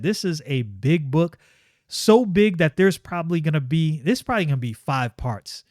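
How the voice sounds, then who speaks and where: Enthusiastic comic reviewer, a man with a fairly high voice, chatty and repetitive, dry close sound. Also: no room sound. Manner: enthusiastic, conversational, with repeated phrases. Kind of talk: casual video commentary.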